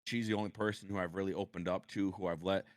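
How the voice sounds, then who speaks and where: A man, a podcast guest, talking about his past in halting sentences and often repeating his words. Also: deep voice, steady tone. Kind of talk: personal interview conversation.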